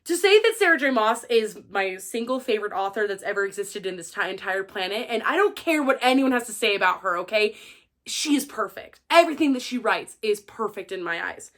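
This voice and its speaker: Bright-voiced gushing woman book vlogger. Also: medium pitch, fairly quick. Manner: gushing, excitable, dramatic. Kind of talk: casual chat to camera.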